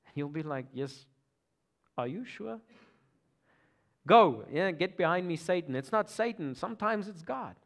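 A pastor with an Afrikaans South African accent delivers an emotional sermon in a fairly high voice, swinging from loud, urgent exhortation to soft, nearly whispered moments. He's expressive and brisk, barely pausing.

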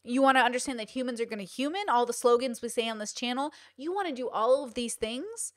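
A woman's voice: fairly high pitch, fast, fairly bright tone, dry recording, clean studio sound. A young adult woman hosting a podcast, giving casual advice in an emphatic way and repeating points for stress. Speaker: podcast host.

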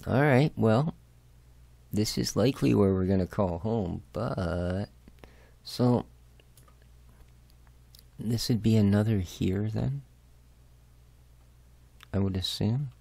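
A middle-aged Canadian man with a Canadian accent, chatting casually and joking at himself as he plays a farming game, now and then dropping to soft mutters. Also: fairly low pitch, slow, creaky, pauses often, no echo. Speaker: gaming video host. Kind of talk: casual let's-play commentary.

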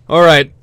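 Male gamer, drawling profane play-by-play, bright tone. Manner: profane, frustrated mutterings with sudden shouts. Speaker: gameplay commentator. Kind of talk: casual live gameplay commentary.

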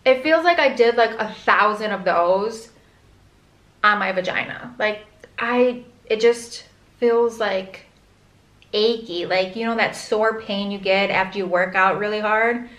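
A woman's voice: medium pitch, unhurried, a bit bright. A young pregnant woman vlogging casually, rambling candidly with lots of "like". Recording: echoey room.

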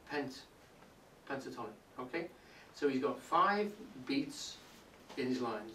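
A man lectures on poetry to a live audience, explaining patiently and often asking whether they follow. His voice, neither high nor low, is picked up from a distance in a roomy hall. A faint background hiss sits under the recording. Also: expressive, slow pace, pushed and bright. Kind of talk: public talk on poetry. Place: indoor room with a live audience.

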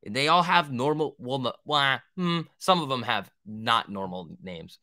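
A man's voice: mid-range voice, animated, a little slow, sharp tone. A young man hosting a trading livestream, answering viewer questions in a rambling, profane, joking way. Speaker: stock trading livestream host.

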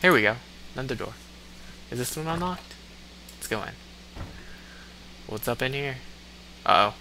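A man's voice: medium pitch, expressive, normal speed, background noise. A man doing let's play commentary, reading game commands aloud and laughing often in amusement. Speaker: gamer.

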